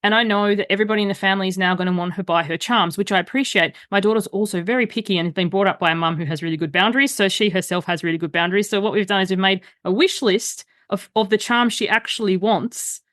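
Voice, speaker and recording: A middle-aged woman, a coach who is a guest on a podcast, chatting casually and telling lively stories, acting out quoted voices along the way. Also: mid-range voice, fast talker, hardly any pauses, dry recording, clean studio sound. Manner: animated storyteller, acts out quoted voices.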